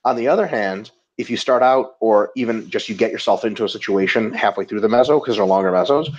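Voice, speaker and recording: A man co-hosting a casual webinar, joking and swearing as he tells animated stories. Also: lowish voice, quick pace. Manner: profane, joking, animated storytelling. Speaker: webinar co-host. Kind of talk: casual chat. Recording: dull lo-fi audio.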